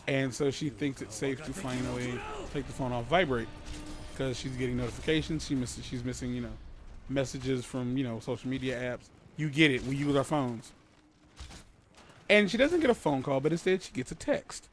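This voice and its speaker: A man's voice: medium pitch, moderate pace, slight background noise. A man casually telling a creepy story as a podcast co-host, rambling, swearing and interrupting himself. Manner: profane, rambling, self-interrupting.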